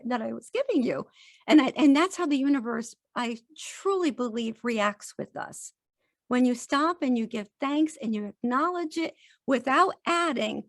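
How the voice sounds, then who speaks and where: On a podcast, a female guest with a higher voice and some vocal fry chats at a normal speed in a casual interview, sounding earnest and encouraging while animatedly acting out little quotes. The sound is dry and studio quality.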